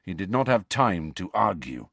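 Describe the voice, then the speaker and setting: A man narrating an audiobook with expressive storytelling. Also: low-pitched, normal speed, no room sound. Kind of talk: scripted narration.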